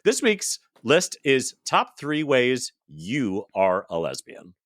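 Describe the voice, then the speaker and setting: A man's voice: mid-range voice, wildly swooping pitch, slow pace, a bit bright, no echo, clean studio sound. A man in his thirties co-hosting a podcast, chatting casually in a joking, profane way with lots of "like". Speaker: podcast co-host. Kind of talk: casual chat.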